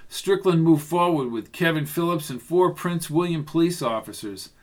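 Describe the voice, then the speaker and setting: A man narrating a mystery audiobook in a steady, even voice. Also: fairly high pitch, moderate pace. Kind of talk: scripted narration.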